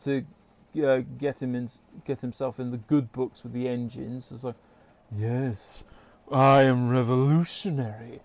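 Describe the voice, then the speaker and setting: A man's voice: mid-range voice, level tone, moderate pace, gravelly, warm tone. An English man streaming a game, ranting casually and swearing freely. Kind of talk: casual livestream commentary.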